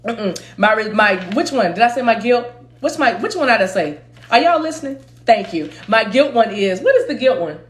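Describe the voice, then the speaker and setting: A woman with a fairly high voice leads a live spiritual reading in a rhythmic, preacher-like cadence. She slips into chanted tongues between her words and calls her listeners "baby". The room gives her voice a noticeable echo. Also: moderate pace. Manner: animated, rhythmic, preacher-like delivery. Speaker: spiritual reader and channel host. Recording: roomy echo.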